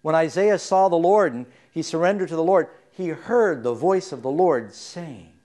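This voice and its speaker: A middle-aged man preaching a sermon, telling stories and putting questions to his listeners, going soft and low in the sad parts. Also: moderate pace. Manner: storytelling, asks the audience questions, drops soft for sad parts.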